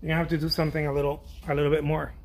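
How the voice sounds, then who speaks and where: His voice sits fairly high with a level tone, and he talks very fast. A middle-aged painter streaming an art chat, he rambles casually, pokes fun at himself, laughs a lot, and breaks off thoughts midway only to restart them.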